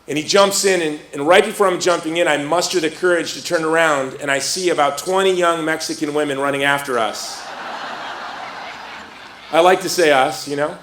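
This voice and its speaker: Middle-aged male rally speaker, lively self-mocking storyteller, reverberant venue. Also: a little high, a little hiss or hum. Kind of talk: storytelling speech. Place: stadium. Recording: roomy stadium sound.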